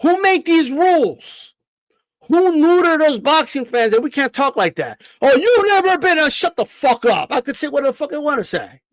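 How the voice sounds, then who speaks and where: A man's voice: extremely high pitch, animated, moderate pace, dry recording. A man hosting a boxing live stream, ranting defiantly and profanely, often stammering and repeating himself. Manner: stammers and restarts.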